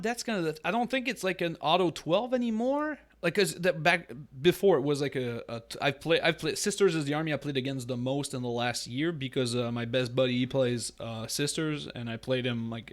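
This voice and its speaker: A man co-hosting a podcast in casual chat, animated and joking, teasing his co-host. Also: on the high side, a little fast, hardly any pauses.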